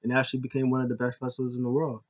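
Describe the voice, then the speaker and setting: A man of middle pitch talks loosely through a recap, his sentences stopping and restarting around plenty of ums and uhs. He gushes like an eager fan as he goes. The delivery is plain, unscripted chat. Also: monotone, very fast. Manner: rambling, full of fillers and restarts; enthusiastic fan. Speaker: podcast host.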